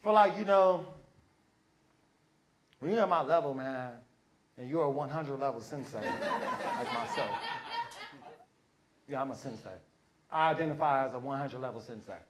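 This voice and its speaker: A man doing stand-up comedy, telling an animated, profane story and acting out the voices of others. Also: mid-range voice, moderate pace, pauses often, a little hiss or hum. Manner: profane, slangy. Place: comedy stage before a live audience.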